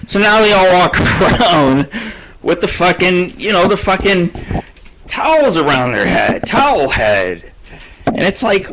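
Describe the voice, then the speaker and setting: A man's voice: fairly high pitch, expressive, moderate pace. A middle-aged man hosting his own radio show solo from home, rambling through profane stories. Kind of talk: solo live radio monologue. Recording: faint background noise.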